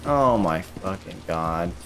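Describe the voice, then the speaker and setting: A male streamer talks to his chat while he plays, swearing freely and venting about getting stuck. His voice sits on the low side. Soft music plays under him. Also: lively intonation, slow pace. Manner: profane, frustrated, talks to chat. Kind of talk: casual live gameplay commentary.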